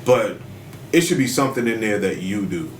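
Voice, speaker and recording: Lively laid-back male podcast host. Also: lowish voice, normal speed. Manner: laid-back, animated, slangy. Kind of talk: casual chat. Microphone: streamed live podcast mic. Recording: roomy with faint background noise.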